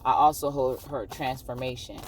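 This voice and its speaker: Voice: medium pitch, moderate pace, far from the mic, slight background noise. A tarot card reader giving a casual, encouraging pick-a-card reading to viewers, often checking in with "okay?".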